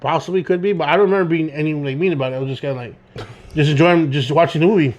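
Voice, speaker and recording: A young male podcast co-host with a highish voice talks very fast, telling a school story in casual chat and acting out both sides of the dialogue himself.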